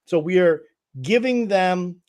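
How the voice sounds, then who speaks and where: A man's voice: high-pitched, takes it slowly, a little mellow. A man teaching guitar rhythm on a livestream, patiently explaining and counting beats aloud. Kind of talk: livestream music lesson.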